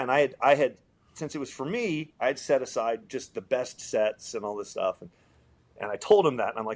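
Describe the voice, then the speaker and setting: Interviewed as a guest, a man who makes guitars spins an easygoing, wandering anecdote, quoting what people said and using plenty of fillers. His mid-range voice moves at normal speed.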